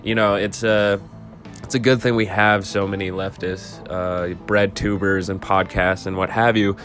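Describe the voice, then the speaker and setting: A man with a lowish, monotone voice hosts a casual political podcast. He rambles in a laid-back way, breaking off into asides as he reads an article, with faint guitar music behind him. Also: moderate pace. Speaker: podcast host.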